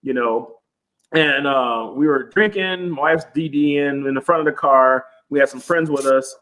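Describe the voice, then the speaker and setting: A man in casual podcast chat, an animated storyteller who swears freely and acts out quotes in raised voices. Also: medium pitch, normal speed, rough recording.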